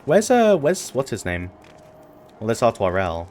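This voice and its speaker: A man's voice: medium pitch, huge pitch swings, measured pace, darkish tone. A man streaming a game playthrough, reading its dialogue aloud in a put-on British accent between joking asides.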